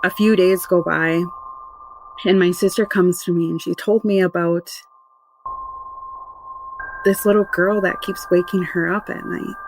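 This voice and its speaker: A woman's voice: fairly low pitch, steady tone, a little slow, pauses often, noisy background. A woman casually recounting a frightening family experience, rambling and conversational with many restarts. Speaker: mother telling a true paranormal story. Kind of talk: casual spoken recollection.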